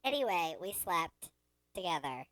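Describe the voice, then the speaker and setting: A woman's voice: fairly low pitch, big pitch swings, measured pace, fairly bright tone, no room sound, poor audio. A young woman co-hosting a podcast in casual chat, trying to tell a story, laughing often and getting exasperated at interruptions. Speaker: podcast co-host.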